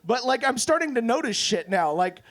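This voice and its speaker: A man's voice: extremely high pitch, moderate pace. A man in his twenties doing a self-deprecating stand-up set at an open mic. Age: 20s. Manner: deadpan, self-deprecating, with quoted voices. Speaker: stand-up comedian.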